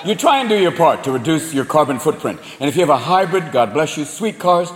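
A male stand-up comedian, profane and animated, performing a set on a club stage. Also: on the high side, background noise. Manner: profane, animated, rapid voices. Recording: echoey club with loud crowd laughter.

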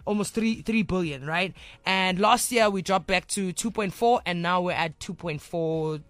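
A young woman with a South African accent, hosting a casual radio chat as an animated storyteller. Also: on the low side, normal speed, dry recording. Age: young adult. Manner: animated storyteller, acts out quoted voices. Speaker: radio host.

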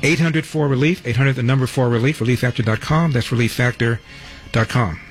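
A man's voice: medium pitch, fairly quick, soft background music. A man hosting a talk radio show from a studio, delivering an emphatic opinion monologue with sarcastic asides.

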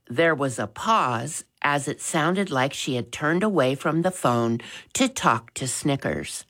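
A woman reads a children's storybook aloud at an unhurried pace. Her voice sits low for a woman, yet it swings expressively through the sentences. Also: expressive, a bit bright. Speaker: audiobook narrator. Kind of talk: storybook narration.

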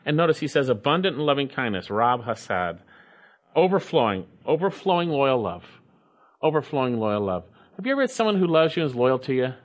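A man's voice: medium pitch, sing-song, fast. A man preaching a sermon, reading scripture aloud and repeating key phrases for emphasis.

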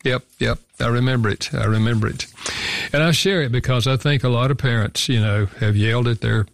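A man's voice: mid-range voice, a little fast, creaky, dry recording. An older man, a guest author in an interview, telling a personal story in an earnest, reflective way and often repeating words as he goes.

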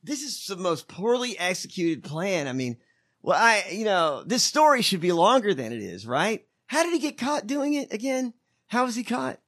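A man's voice: high-pitched, very animated, normal speed, a bit bright. A man co-hosting a podcast, in a profane, mocking casual political chat. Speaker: podcast co-host.

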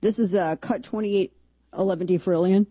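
A woman hosts a casual political commentary show, rambling with sarcastic asides. Her voice is husky, mellow and fairly low. The sound is dry and close. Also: moderate pace, no echo. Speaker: host.

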